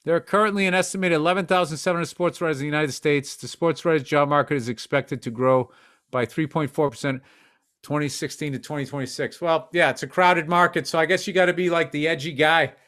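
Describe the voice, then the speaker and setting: A middle-aged man on a podcast, riffing in casual chat with blunt, profane asides. His voice sits somewhat high for a man. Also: fairly even intonation, fast, a bit bright. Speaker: podcast co-host.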